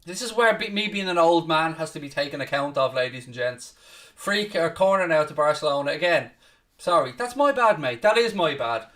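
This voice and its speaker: A man hosting a live football watchalong, commentating casually, swearing a little, mocking himself, and shouting out loud at big chances. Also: a little high, animated, brisk, far from the mic. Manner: self-deprecating, swears casually. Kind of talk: live match commentary and chat with viewers.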